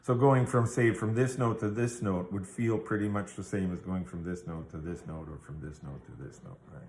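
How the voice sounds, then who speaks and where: A man's voice: deep voice, moderate pace, a little mellow, reverberant, a little hiss or hum. A man teaching a guitar theory lesson, explaining patiently step by step and checking in with the listener. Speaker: music teacher.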